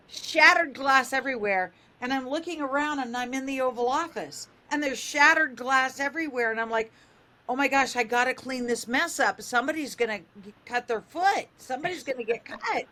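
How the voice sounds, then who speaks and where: An older woman radio host telling a funny story, lively and animated, acting out the voices in it. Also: normal speed. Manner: lively, acts out quoted voices with big pitch jumps.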